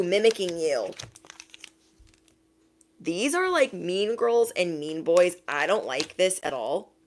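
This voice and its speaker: A chatty woman with a slightly low voice gives a casual tarot reading straight to her listeners. She keeps slipping into quick, exaggerated voices for the people she describes. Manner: chatty, animated quoted voices, laughs at own jokes. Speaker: tarot reader.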